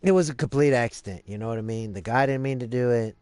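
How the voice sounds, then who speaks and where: Male streamer, casual profane storyteller, rambling with fillers, mid-pitched voice, dry close sound. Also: fast talker, darkish tone, smooth, dry recording. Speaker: live streamer.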